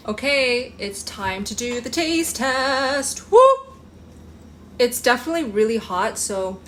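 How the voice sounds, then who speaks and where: A woman's voice: fairly high pitch, unhurried, slight background noise. A woman food vlogger talking casually to her viewers while cooking, gushing about her food, in a home kitchen on a handheld phone camera.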